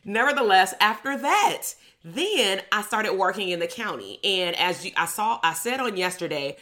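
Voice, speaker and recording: A woman's voice: medium pitch, expressive, moderate pace, sharp tone. A middle-aged woman from Compton, a clinical psychologist hosting her own show, telling a story from her life in a blunt, sarcastic way and swearing freely. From Compton, Los Angeles. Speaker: podcast host, clinical psychologist. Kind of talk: casual storytelling monologue.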